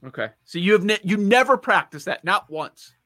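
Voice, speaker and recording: A man's voice: high-pitched, big pitch swings, moderate pace, bright, forceful tone, no room sound, clean studio sound, faint music behind. A man hosting a sports betting podcast, upbeat and full of questions, laughing with his co-hosts. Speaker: podcast host. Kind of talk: casual sports betting chat.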